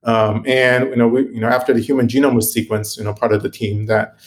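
A man being interviewed as a guest, telling a personal story in an earnest, halting way with frequent ums and restarts. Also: mid-range voice, level tone. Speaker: guest, computational biologist.

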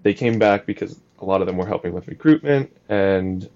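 A young man co-hosting a casual podcast chat, speaking in an even, flat tone that hides his jokes. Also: low-pitched, a little fast, highs cut off. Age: young adult. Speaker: podcast co-host.

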